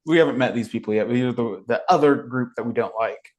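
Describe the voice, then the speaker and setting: A man's voice: medium pitch, fast talker, a little mellow. Thoughtful man with many fillers. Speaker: podcast co-host. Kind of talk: casual film review chat.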